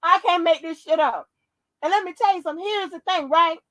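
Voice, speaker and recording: A woman giving casual commentary on her vlog, animated and profane, often breaking into laughter. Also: very high voice, a little fast, dry recording, poor audio. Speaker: YouTube commentator.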